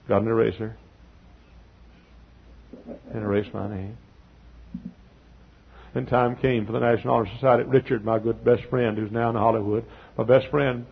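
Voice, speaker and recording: A man preaching a sermon, telling stories that swell into loud peaks. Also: medium pitch, gravelly, slightly rough, phone-quality sound. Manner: storytelling, swells to shouting peaks. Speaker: pastor.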